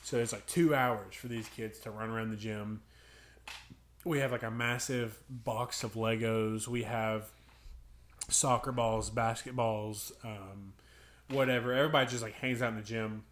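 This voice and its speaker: A man's voice: lowish voice, steady tone, measured pace, a bit bright, a little hiss or hum. A young man co-hosting a podcast, chatting casually and telling funny stories with voices for the kids. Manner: storytelling, acting out kids' voices, laughing. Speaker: podcast co-host. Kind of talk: casual chat.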